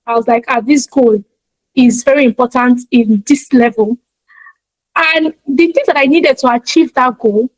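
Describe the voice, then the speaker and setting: A woman with a high voice speaks emphatically in a motivational talk, repeating her main points in preacher fashion. She describes how she herself addresses online audiences, and the audio is poor, with no room sound.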